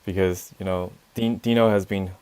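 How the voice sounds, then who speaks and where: A male host of a casual live stream, wrapping up with brief, friendly remarks and quick agreement. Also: deep voice, fairly even intonation, a little mellow, clear, resonant tone.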